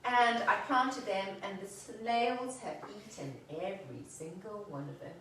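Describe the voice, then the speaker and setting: A woman's voice: mid-range voice, animated, a little slow, fairly bright tone, a little hiss or hum. A woman hosting a casual home cooking demonstration, chatting cheerfully as she works. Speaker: cooking show host. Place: home kitchen. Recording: echoey room, mic far off.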